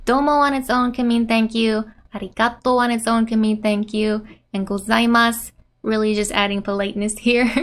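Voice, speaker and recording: Cheerful woman teaching Japanese, laughing often. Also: fairly high pitch. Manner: cheerful, laughs often, quotes lines in animated character voices. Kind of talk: casual explanatory lesson.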